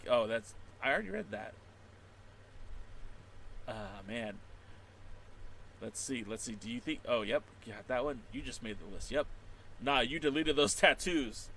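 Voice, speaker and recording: Hosting a lighthearted livestream, this wrestling podcaster and blogger reads out comments from viewers, joking around and bursting without warning into loud excitement. His voice is medium in pitch, with a bit of noise in the background.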